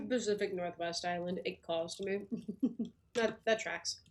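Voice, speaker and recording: On a game livestream, a woman with a mid-range, slightly slow voice chats casually. She eats and plays as she talks, sprinkling in plenty of fillers and small laughs.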